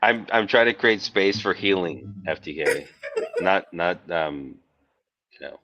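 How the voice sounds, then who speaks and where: A man's voice: sits low, animated, a little slow, sharp tone, dry recording, dull audio. A man teasing friends in casual group chat banter, laughing often.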